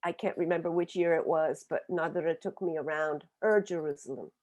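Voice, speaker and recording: A woman in her seventies with a somewhat low voice recounts her own past in an earnest, reflective manner. She pauses and restarts often while she gathers her thoughts. She sounds as if she is speaking over a video call. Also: darkish tone. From Oklahoma, USA. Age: 70s. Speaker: book author speaking on a webinar. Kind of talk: personal storytelling.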